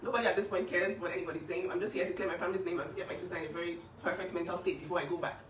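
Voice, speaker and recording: A woman's voice: on the low side, steady tone, rapid-fire, roomy sound, far from the mic, slight background noise. A woman speaking up for her younger sister in an emphatic, insistent casual talk. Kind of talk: emotional casual talk to camera.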